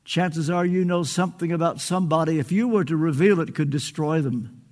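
A man's voice: fairly high pitch, fairly quick, a little mellow. An older man preaching a sermon, earnest and pleading, stretching out phrases for emphasis.

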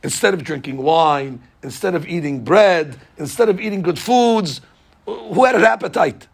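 Man teaching scripture to a class, husky voice, lively, keeps throwing questions out. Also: high-pitched, normal speed. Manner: animated, asks the class questions. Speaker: Torah teacher. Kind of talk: Bible class lecture.

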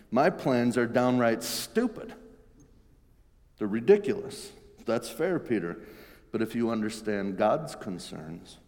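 Preacher playing a calm, measured teacher who grows softer and lower, echoing in a big hall. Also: male voice. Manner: measured, quietly firm. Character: Jesus, a calm and steady adult man. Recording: long reverb in a large hall.

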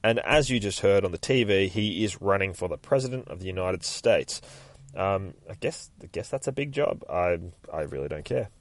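A man's voice: deep voice, expressive, moderate pace. A man hosting a comic book podcast, reading an issue aloud with rambling, profane, joking asides. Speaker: podcast host.

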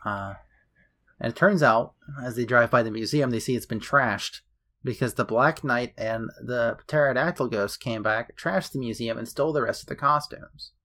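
Male podcast co-host, gravelly, easygoing recap chatter. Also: mid-range voice, moderate pace. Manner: relaxed, chatty, with filler words. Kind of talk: casual chat recapping a movie.

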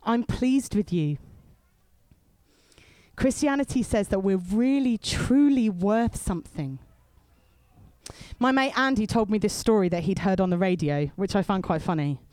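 A woman's voice: mid-range voice, moderate pace, darkish tone, no echo. A woman preaching to a young crowd, telling stories in a chatty way with asides to the listeners. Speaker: speaker at a youth event. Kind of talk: sermon.

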